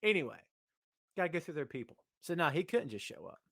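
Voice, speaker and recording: A man hosting a casual live wrestling podcast, reading the chat and teasing viewers by name in an animated way. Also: on the high side, quick pace, dry recording, clean studio sound.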